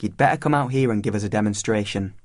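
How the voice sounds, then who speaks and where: A man's voice: lowish voice, fast, dry recording, natural voice. Man playing a kind schoolteacher, probing, encouraging, dry close sound. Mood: curious. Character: kindly curious male English teacher.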